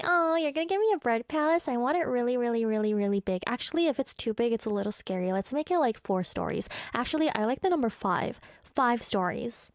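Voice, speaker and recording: Playful high-voiced woman radio host. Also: darkish tone, no echo, studio quality. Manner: playful, teasing, laughs at her own jokes. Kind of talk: casual chat reading listener messages. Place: radio studio. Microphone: studio microphone.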